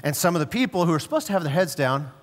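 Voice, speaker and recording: High-voiced preacher in a reverberant hall. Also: male voice, animated. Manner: storytelling, emphatic, slows and drops low for stress. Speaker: pastor. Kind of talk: sermon. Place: church sanctuary.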